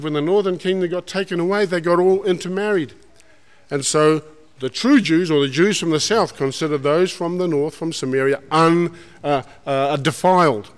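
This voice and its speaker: A man preaches a sermon and retells the story with colloquial asides. His voice sits somewhat high for a man. The recording carries a long hall reverb.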